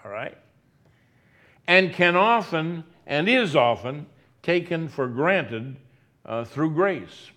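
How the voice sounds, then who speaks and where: Slow, deliberate male preacher. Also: on the high side, sing-song, fairly bright tone. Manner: slow, deliberate, repeats key phrases for emphasis. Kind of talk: sermon.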